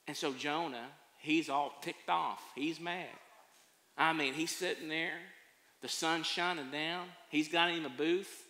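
A pastor preaching with lively, folksy storytelling. His voice is fairly high for a man and bright. It echoes with a long reverb through a church sanctuary. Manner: animated storytelling with folksy humor. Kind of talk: sermon.

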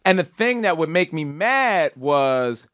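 A male podcast co-host talks casually, leaning back into the conversation with loose, profane banter. His voice sits a little high for a man. The recording is close and dry. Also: very animated, unhurried, a bit bright, no room sound.

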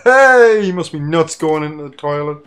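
A man commentating casually on a video game he plays, crude and jokey, swearing often and breaking into loud outbursts. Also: fairly high pitch, flat delivery, fairly quick, clear, resonant tone. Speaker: let's play gamer.

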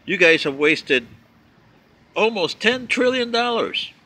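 A man's voice: high voice, slow. Sarcastic man ranting about politics. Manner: sarcastic, mocking, lively. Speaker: political commentary vlogger.

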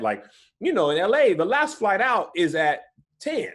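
A man in his thirties, a comedian guest, in casual podcast chat, telling stories in a lively way. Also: on the high side, moderate pace. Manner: animated storytelling, often says "you know what I'm saying".

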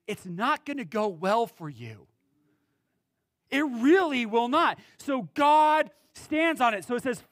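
High-voiced pastor, slow dramatic preaching. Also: male voice, no room sound, clean studio sound. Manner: preaching with dramatic pauses and wide swings in pitch and loudness. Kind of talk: sermon.

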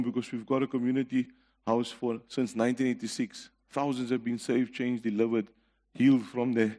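A man's voice: mid-range voice, level tone, normal speed, mellow, in a large hall. A middle-aged man with a South African accent preaching a sermon as a guest speaker, telling stories with earnest conviction and laughing between points. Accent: South African English. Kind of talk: sermon with personal testimony.

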